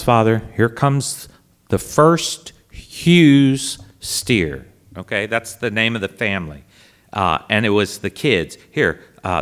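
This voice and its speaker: A man, a priest, telling a lively story to an audience and acting out the other voices, now and then shouting. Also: on the low side. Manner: animated storyteller, acts out voices, shouts bids. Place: resort event hall.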